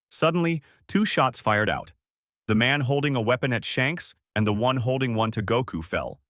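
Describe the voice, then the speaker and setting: A man's voice: medium pitch, normal speed, no echo. A man narrating a fan-made story for his channel in a casual storytelling voice, close to the mic. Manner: lively storytelling.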